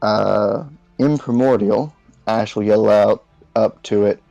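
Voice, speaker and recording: A man playing in a tabletop game, explaining things slowly with fillers. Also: on the low side, steady tone, creaky, warm tone, no room sound, muffled recording, faint music behind. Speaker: player. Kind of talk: casual tabletop game talk.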